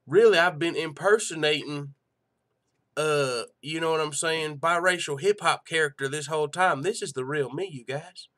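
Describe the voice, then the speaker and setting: A man's voice: a little high, a bit bright. A young man hosting a live MMA talk stream in a loose, slangy, profane manner, chatting casually and reading viewer comments. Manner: loose, slangy and profane, with frequent "you know what I'm saying". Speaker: host of a live MMA news show.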